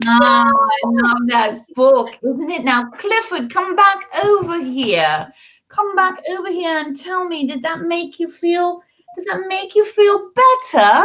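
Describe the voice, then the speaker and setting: A woman's voice: very high voice, very animated, takes it slowly, a bit bright, rough recording. A middle-aged woman hosting a children's storytime and craft lesson in character, talking in a coaxing, sing-song way to small children.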